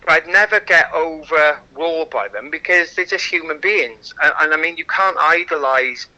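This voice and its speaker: Welsh male guest, piercing bright voice, frank and animated, pitched a little high. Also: normal speed, rough recording. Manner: animated, frank, repeats "you know". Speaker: guest athlete. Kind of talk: radio interview storytelling.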